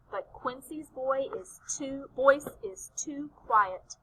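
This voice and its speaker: A woman teacher giving an online alphabet lesson to young children, speaking slowly and encouragingly in a sing-song way. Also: high voice, lively intonation, creaky, pushed and bright, a little hiss or hum, rough recording. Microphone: home recording.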